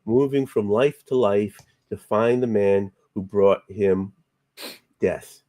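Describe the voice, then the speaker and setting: A man's voice: takes it slowly, dark tone, no echo. A man casually retelling a comic book story on a review show, rambling and acting out the characters' lines. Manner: rambling, acts out character lines with bursts of pitch.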